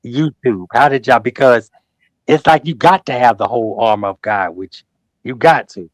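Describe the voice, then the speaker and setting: A man with a medium-pitched voice talks at a moderate pace as a guest on a livestream talk show, calling people out in heated, emphatic, preachy fashion. He repeats his points and acts out what others said through slangy, animated mock quotes, with no room sound in the recording.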